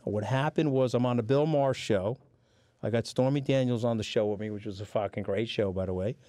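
In clean studio sound with no echo, a middle-aged man with a New York accent speaks fairly quickly in a dark, medium-pitched voice. He's a guest on a casual chat show, telling blunt stories full of swearing.

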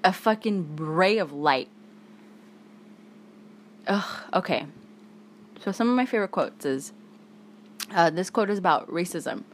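A woman's voice: on the low side, expressive, a little slow, long pauses, a little hiss or hum. A woman hosting a solo podcast, talking angrily with heavy swearing, tired. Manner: angry, heavy swearing, emphatic. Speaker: podcast host.

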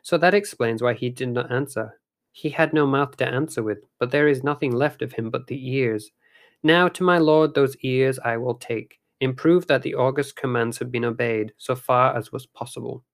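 A man voicing a grim, gruff ghost warrior in a storybook tale, grumbling and muttering. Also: mid-range voice, normal speed, natural voice.

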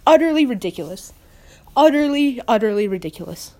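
A woman's voice: on the high side, big pitch swings, brisk, dark tone. A woman giving an angry, swearing post-game rant as a sports fan, repeating words in exasperation. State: upset.

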